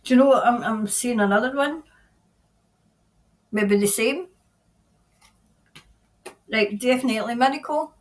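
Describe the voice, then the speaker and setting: Earnest tarot reader, woman, middle-aged, higher voice, halting delivery, repeats herself. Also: poor audio. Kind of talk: spontaneous psychic reading.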